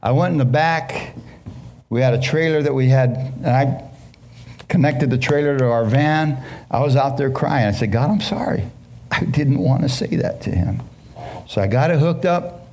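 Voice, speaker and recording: A middle-aged man preaching a testimony to a congregation, impassioned and halting, with many restarts and questions thrown to the listeners. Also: medium pitch, darkish tone, slight background noise. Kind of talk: emotional sermon testimony.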